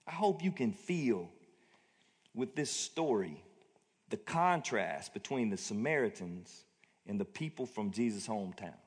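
Man, pastor, conversational sermon, plainspoken, mid-pitched voice, long hall reverb. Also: husky. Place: church auditorium.

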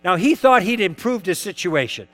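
A high-voiced male lecturer teaches conversation tactics through personal anecdotes, speaking at a moderate pace with lively intonation and a slightly bright tone. He acts out both sides of past dialogues and poses rhetorical questions to the audience.

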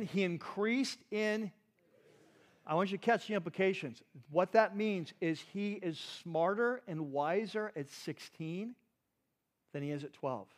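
Male pastor, high-pitched voice, lively sermon delivery with rhetorical questions. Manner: animated teaching, rhetorical questions to the audience.

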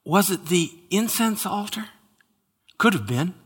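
A man preaching a sermon with dramatic swings between loud exclamations and hushed whispers, in a large church hall. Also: high voice, animated, unhurried, husky. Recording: hall reverb.

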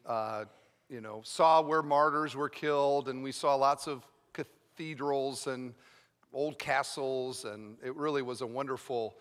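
A man's voice: a little high, a bit bright. A man preaching a sermon as pastor, moving from chatty storytelling to fervent, earnest preaching. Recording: long reverb of a large hall.

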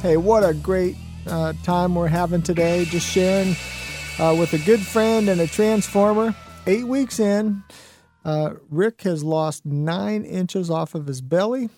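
A man's voice: sits high, unhurried, dark tone, faint music behind. A man hosting a radio talk show, telling stories and urging listeners on in an earnest, motivational way with many fillers.

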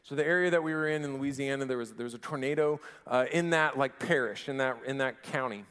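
With a smooth, mid-range voice and a quick pace, a thirty-something pastor preaches casually, as if in conversation. He keeps starting his phrases over and slips in fillers, and the sound carries a long reverb tail.

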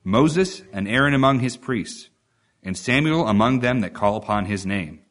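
A man's voice: mid-range voice, animated, moderate pace, fairly bright tone. A man preaching a sermon, reading scripture and asking the congregation rhetorical questions with strong emphasis.

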